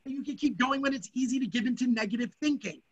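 An energetic, emphatic presenter leading a motivational workshop for students over an online video session. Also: high-pitched, fast, muffled recording.

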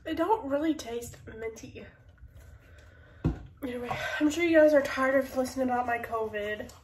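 A woman vlogger chats casually in her home kitchen, her nose congested from a cold, rambling along with sighs and little laughs. Her slightly high voice moves at a normal speed and sounds somewhat distant from the mic. The room is echoey, with slight background noise.

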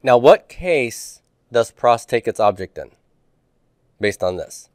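Male teacher, clear resonant voice, patient quizzing style, dry close sound. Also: medium pitch, lively intonation, takes it slowly, darkish tone, no room sound. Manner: quizzing students with questions, patient. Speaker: Greek teacher. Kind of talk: classroom homework review.

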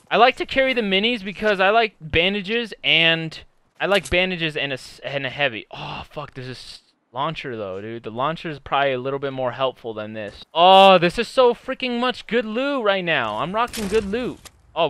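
A young man casually commenting on his own gameplay, excitable and swearing often, sometimes breaking into angry shouts. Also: a little high, normal speed, clear, resonant tone. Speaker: gamer streamer.

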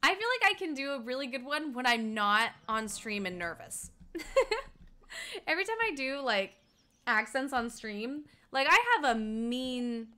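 A woman's voice: fairly high pitch, bright, forceful tone. A young woman from Colorado in her twenties, chatting casually with her stream while gaming, laughing often and answering chat. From Colorado, United States.

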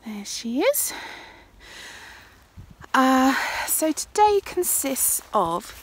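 A woman's voice: high voice, sing-song, very slow. An English woman hosting a casual vlog, talking into her phone while out walking and later at home. She chats freely and often drops into a whisper. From England. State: out of breath. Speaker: podcast host. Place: outdoors on a walk, then indoors. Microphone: phone held at arm's length.

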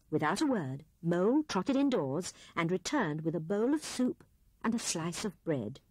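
Lady reading a kids storybook, slow and sing-songy, dry close studio sound. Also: medium pitch, breathy edge, no room sound. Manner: lively, expressive storytelling. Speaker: audiobook reader. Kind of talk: children's story narration. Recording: 1970s cassette audiobook, dry studio.

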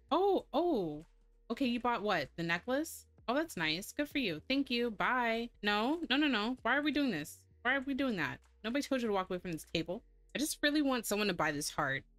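A woman chats her way through a life-sim game, laughing easily and bossing her characters around. Her pitch leaps up and down with lively energy. The sound is dry and close, with faint game music underneath. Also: no echo. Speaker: gameplay streamer. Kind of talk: casual let's-play commentary.

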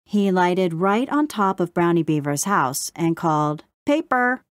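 A woman narrating a children's audiobook in a slow, measured, gentle storytelling manner. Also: fairly low pitch, no room sound, clean studio sound.

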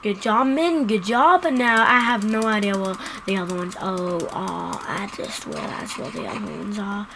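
Woman, gameplay commentator, excitable and jokey, mid pitch, loud noisy background. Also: moderate pace, vocal fry, few pauses. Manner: excitable, self-mocking, chatty. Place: home, seated at computer.

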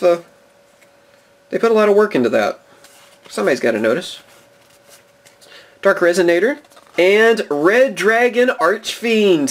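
Young adult male, casual card-opening host, enthusiastic and rambling, laughs a lot. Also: on the high side. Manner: chatty and enthusiastic, chuckles often. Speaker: card-collecting video host. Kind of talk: casual box-opening commentary.

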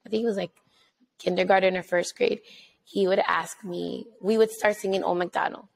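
A woman's voice: medium pitch, fairly even intonation, vocal fry, poor audio. A woman hosting a podcast, chatting casually and telling stories about her son. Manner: chatty storyteller, quick asides. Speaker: podcast host. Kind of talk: casual chat.

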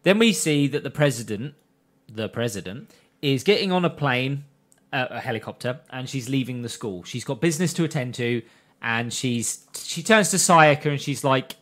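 A man's voice: mid-range voice, lively intonation, moderate pace, a bit bright. A man co-hosting a podcast, chattily retelling scenes from a show in a casual recap. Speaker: podcast co-host.

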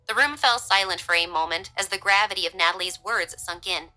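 Bright-voiced woman narrating a story. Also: mid-range voice, fairly quick, hardly any pauses, faint music behind, rough recording.

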